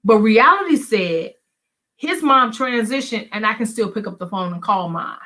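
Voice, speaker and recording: A woman's voice: a little high, expressive, moderate pace, bright, forceful tone, a little hiss or hum. A pastor's wife sharing her experience candidly, speaking earnestly and directly to listeners. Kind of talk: candid conversational testimony.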